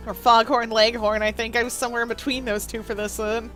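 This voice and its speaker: A woman's voice: fairly high pitch, moderate pace, pauses often, a bit bright, faint music behind. A woman streaming a game, chatting in a playful, casual way between voiced lines. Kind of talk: casual gameplay commentary, voicing characters.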